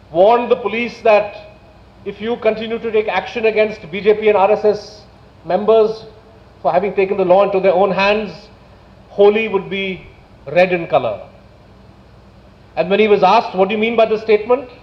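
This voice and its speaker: Man, Indian English accent, lecture, indignant, rhetorical, high-pitched, roomy echo. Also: fairly even intonation. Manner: indignant, rhetorical questions, measured emphasis. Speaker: speaker at a public talk. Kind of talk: public lecture. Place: lecture hall. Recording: echoey hall, dull lo-fi sound.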